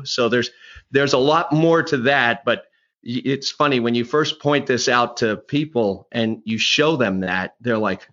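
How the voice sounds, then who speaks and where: A man's voice: medium pitch, normal speed, fairly bright tone, lo-fi sound. A middle-aged man, a golf instructor, telling rambling anecdotes in a podcast conversation, often restarting and acting out quotes. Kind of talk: conversational storytelling interview.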